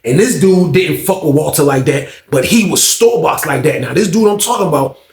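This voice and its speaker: A man casually telling a story in a profane, animated way, laughing often. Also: fairly high pitch, fairly quick, roomy sound.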